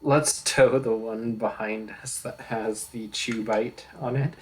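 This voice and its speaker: A man's voice: medium pitch, fairly even intonation, slow, rough recording. Earnest man playing a tabletop game. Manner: earnest, speaks in character as a searching father. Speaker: player.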